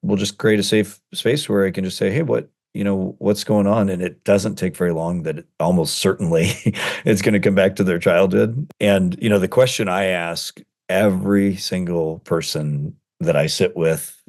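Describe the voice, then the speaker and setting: A middle-aged man, a seminary professor and guest author, talking through ideas in a relaxed interview, quick and full of fillers and restarts. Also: sits low. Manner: talks in quick bursts with many fillers and restarts. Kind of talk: conversational interview.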